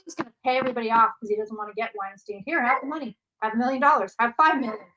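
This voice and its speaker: A woman's voice: fairly high pitch, rapid-fire, highs cut off, noisy background. A woman hosting a casual psychic livestream from home, chatting loosely, repeating herself and answering viewer questions. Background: dog barking.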